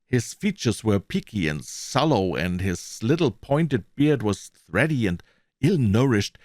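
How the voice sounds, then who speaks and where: German man narrating, lively expressive delivery. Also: lowish voice, measured pace, no room sound, clean studio sound. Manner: expressive first-person narration with small slips. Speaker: audiobook reader. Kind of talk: reading a classic detective story aloud.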